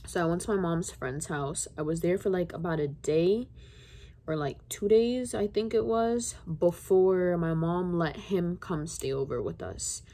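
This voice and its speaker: Low, mellow-voiced young woman rambling. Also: a little slow. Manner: rambling, confiding, heavy use of "like". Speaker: vlogger. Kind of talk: casual storytime vlog.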